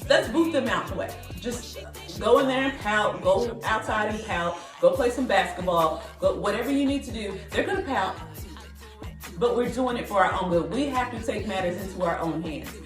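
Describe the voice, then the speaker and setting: A woman speaking in a preachy, rallying podcast monologue, pitched in the middle of the range. Her voice sits a little off the mic in an echoey room. Faint music runs underneath. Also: animated, moderate pace, far from the mic. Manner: preachy and rallying, sometimes breaking into song. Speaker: podcast host.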